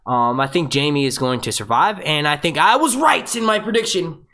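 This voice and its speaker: A slightly high, bright, forceful male voice, expressive and at a moderate pace. The fan review show host rambles through a live Q&A from his home setup, phone within reach, reading out questions from viewers and often restarting his sentences.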